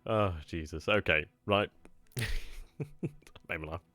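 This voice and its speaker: A man's voice: sits low, takes it slowly, pushed and bright, no echo. A man hosting a strategy game video channel, chatting casually and informally to his viewers and easily amused. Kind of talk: casual video outro chat.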